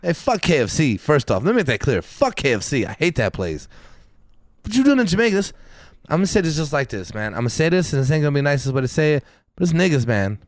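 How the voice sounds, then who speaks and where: A man co-hosting a casual podcast, ranting with heavy swearing and emphatic repetition. His voice rides a little high and swings widely in pitch as he gets worked up. The sound is dry and close. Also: very animated, fast talker, dry recording. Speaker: podcast co-host. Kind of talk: casual chat.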